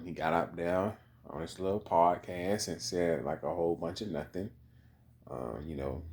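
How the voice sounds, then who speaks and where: Low gravelly man rambling casually. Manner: rambling, frequent "you know what I mean", profane. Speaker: commentator. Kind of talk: casual commentary monologue.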